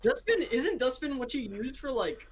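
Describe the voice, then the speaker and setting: A woman's voice: high-pitched, big pitch swings, normal speed, a little hiss or hum, rough recording. An American woman chatting casually as a podcast co-host, rambling with many fillers and giggles. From United States. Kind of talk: casual chat.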